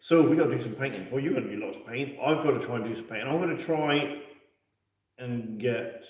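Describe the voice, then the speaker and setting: A man's voice: medium pitch, a little fast. A man from England hosting a live stream about tabletop wargaming, chatting casually and laughing often. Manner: chatty storyteller, laughs a lot. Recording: echoey, distant, dull live-stream audio.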